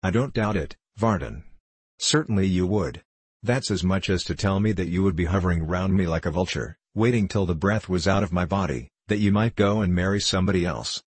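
Guy doing a whiny scolding wife in a storybook, deep husky read, dry sound. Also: fairly quick, dry recording. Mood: reproachful. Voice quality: complaining, reproachful. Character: peevish self-pitying middle-aged wife, scolding.

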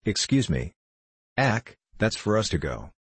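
Brief: man doing a blunt, earnest recluse in an audiobook; deep, husky voice. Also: sing-song, dry recording, exaggerated voice. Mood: flustered. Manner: blunt, hot and rapid. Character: proud reclusive young man, abrupt and earnest.

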